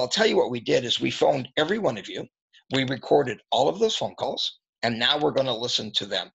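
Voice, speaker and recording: A man coaching auto service advisors, telling candid anecdotes and clearing his throat often. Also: medium pitch, fairly bright tone. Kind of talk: storytelling training talk. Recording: dull lo-fi recording.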